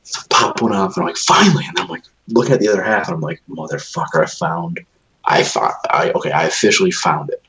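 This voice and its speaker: A man's voice: deep voice, quick pace, fairly bright tone, slight background noise, low-quality recording. A man co-hosting a podcast, telling rambling, profanity-laced stories in casual chat. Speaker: podcast co-host.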